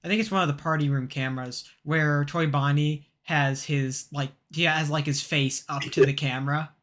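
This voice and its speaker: Young man, podcast co-host, slightly high voice, rambling casual storytelling, many fillers. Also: fairly even intonation, normal speed, background noise. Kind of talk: casual chat.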